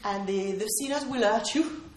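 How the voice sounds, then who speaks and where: A woman's voice: medium pitch, moderate pace, slight background noise. A woman preaching a sermon in an earnest, emphatic way, repeating her key phrases for weight. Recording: roomy hall echo.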